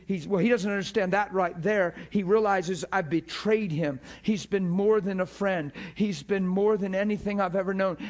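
Male pastor, fairly high voice, impassioned sermon delivery. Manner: impassioned preaching, laughs between points.

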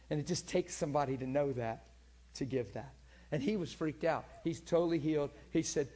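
A man's voice: mid-range voice, fast, dark tone. A man preaching, telling a story in an earnest, conversational way and speaking straight to his listeners. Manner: earnest, conversational, direct address. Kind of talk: sermon storytelling.

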